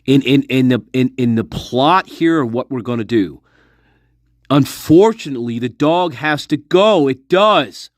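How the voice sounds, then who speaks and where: Clean studio sound with no echo carries this online commentator's fairly high voice. He addresses his viewers in an intense, repetitive, casual monologue of speculation, cursing often.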